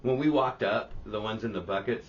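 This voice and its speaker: A man's voice: on the low side, moderate pace, lo-fi sound, slight background noise. A man co-hosting a podcast, telling stories in casual chat, swearing and acting out what people said. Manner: animated, swearing, acts out quotes. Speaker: podcast co-host.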